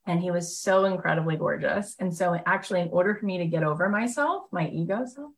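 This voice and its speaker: A middle-aged woman giving a live motivational talk, telling stories with animated enthusiasm and chatty fillers. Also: on the low side, fairly quick, poor audio. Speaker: motivational speaker and program host.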